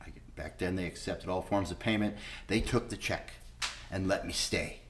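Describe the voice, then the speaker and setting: A middle-aged man tells his recovery story in a low voice at normal speed, with a little hiss or hum on the audio. His testimony is candid, blunt and unpolished, full of swearing, and he re-enacts past conversations as he goes.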